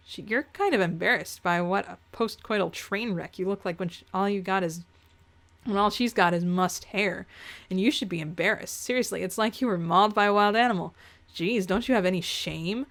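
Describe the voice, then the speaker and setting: A woman's voice: medium pitch, fairly quick. A woman reading a story aloud, theatrical and sarcastic, with asides to the listener. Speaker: reader reacting to fan fiction.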